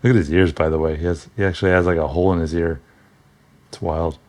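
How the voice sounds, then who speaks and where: Deep-voiced man rambling jokingly. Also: steady tone, fast talker, a little mellow. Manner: rambling, joking, chuckles often; hesitant, frequent ums and self-corrections. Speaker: comic book reviewer. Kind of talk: casual comic book commentary.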